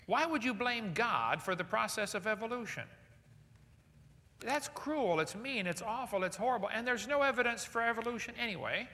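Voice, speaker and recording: A man giving a lecture to a live audience in a large hall, animated and jokey, firing rhetorical questions at the crowd. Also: high-pitched, fairly quick, few pauses. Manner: jokey asides. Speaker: seminar speaker. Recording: long hall reverb.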